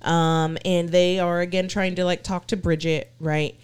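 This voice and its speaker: A woman's voice: fairly low pitch, little pitch movement, a little slow, darkish tone, smooth. A woman from Texas co-hosting a podcast, casually and profanely recounting ghost-hunting clips. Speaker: podcast co-host. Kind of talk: casual chat.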